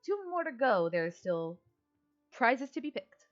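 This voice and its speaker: A woman's voice: on the high side, sing-song, unhurried, lo-fi sound, faint music behind. A woman putting on a chirpy sea elf stall keeper. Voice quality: shaky attempt at a British accent. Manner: chirpy, inviting carnival patter.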